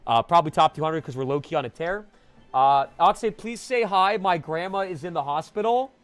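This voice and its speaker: A man streaming live, chatting casually with viewers and swinging from mumbled asides to loud, laughing protests. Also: on the high side, expressive, fairly quick, soft background music.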